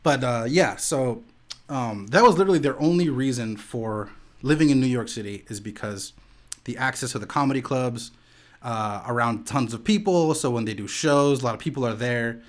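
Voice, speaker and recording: A man's voice: medium pitch, moderate pace. A young man chatting casually on a home live stream, rambling and laid-back, with lots of "like" and "dude". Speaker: streamer and podcast host. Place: home room.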